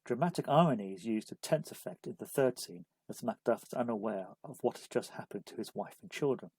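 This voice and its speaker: A man giving a measured, scripted narration of a literature study guide. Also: mid-range voice, animated, darkish tone, slightly rough, dry recording, rough recording. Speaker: literature explainer.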